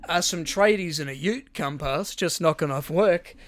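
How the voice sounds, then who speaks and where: Bright-voiced Australian man telling stories. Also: fairly high pitch, normal speed, dry recording. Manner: rambling, swears freely, acts out voices in quotes. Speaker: podcast co-host. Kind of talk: casual storytelling chat.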